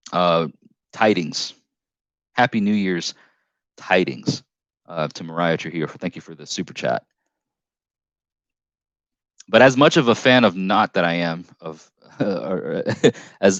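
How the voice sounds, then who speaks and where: Rambling low-voiced man hosting a live stream. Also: no room sound, muffled recording. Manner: rambling, jokey, stumbling restarts. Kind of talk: casual live stream chat reading comments.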